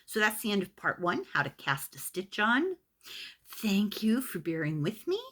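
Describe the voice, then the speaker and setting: An older woman with an Irish accent, gently talking viewers through a knitting tutorial step by step, patient and a little self-deprecating. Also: medium pitch, sing-song, moderate pace. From Ireland. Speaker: knitting teacher.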